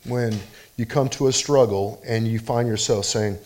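A man preaching a sermon in an animated way, rising loud when he quotes people and dropping soft and low for personal appeals. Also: normal speed. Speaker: pastor.

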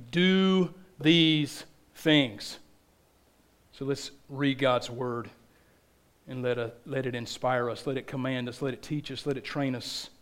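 Preaching with a thick Southern accent, this pastor emphasizes his stories with animation throughout the sermon, speaking at a medium pitch.

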